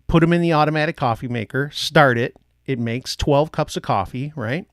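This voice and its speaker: A man's voice: a little high, normal speed, dry recording, studio quality. A man from the United States hosting a podcast, chatting in a playful, rambling way. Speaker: podcast host. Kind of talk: casual chat.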